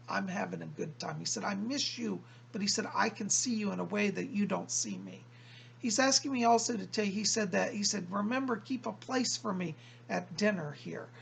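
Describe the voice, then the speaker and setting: Very gravelly animated male psychic. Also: high-pitched, a little hiss or hum. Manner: keeps quoting the spirit with "he said"; speaks in slow, drawn-out phrases. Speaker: psychic medium host. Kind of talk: relayed spirit reading to viewers.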